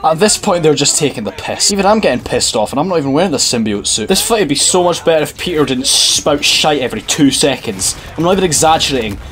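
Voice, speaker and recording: A man's voice: on the high side, expressive, quick pace, few pauses, fairly bright tone, a little hiss or hum. A young man giving sarcastic, profane let's-play commentary on a video game, laughing often. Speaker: gaming video creator.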